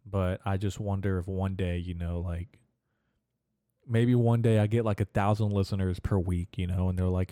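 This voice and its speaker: Rambling, foul-mouthed young man with a low, mellow voice. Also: dry recording, studio quality. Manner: rambling, crude and profane, laughs at his own jokes. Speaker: podcast host. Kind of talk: casual solo podcast monologue.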